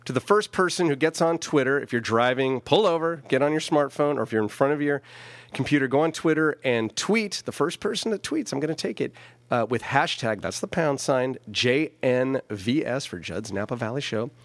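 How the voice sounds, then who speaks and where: A man from California hosting a casual radio interview, chatty and quick to laugh. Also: medium pitch, dry recording. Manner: laughs often, chatty and animated. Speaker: radio show host.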